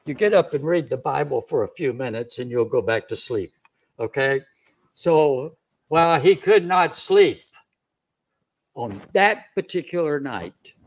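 A man's voice: medium pitch, animated, moderate pace, breathy edge. A man preaching a sermon, retelling a scripture story in a folksy, conversational way. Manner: folksy, conversational, with chuckles and restarts.

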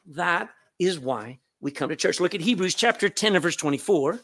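Texan pastor preaching in a church. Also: male voice, high voice, expressive, moderate pace, fairly bright tone. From Texas. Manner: emphatic, repeats words, call-and-response. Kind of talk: sermon. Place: church sanctuary.

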